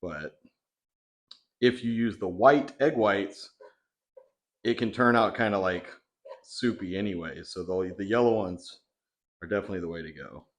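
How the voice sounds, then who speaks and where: Chatty man with a lowish voice. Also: moderate pace, long pauses, noisy background. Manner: chatty, loose, with many fillers. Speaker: bodybuilding vlogger. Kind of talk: casual vlog narration. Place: home kitchen.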